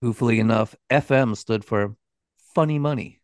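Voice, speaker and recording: A man's voice: mid-range voice, moderate pace, no echo. A man co-hosting a casual true-crime podcast, laid-back and swearing freely as he talks. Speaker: podcast co-host.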